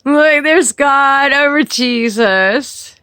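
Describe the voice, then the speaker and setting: A woman's voice: high voice, very slow, sharp tone, dry recording, clean studio sound. A woman in a casual vlog, giggly and gushing as she talks aloud to God.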